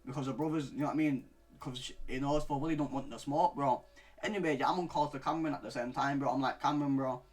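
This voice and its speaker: A young man in his late teens telling a story-time rant, rambling and profane, tagging "bro" onto nearly every phrase and swinging from mutters to loud outbursts. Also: medium pitch, fast. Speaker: vlogger.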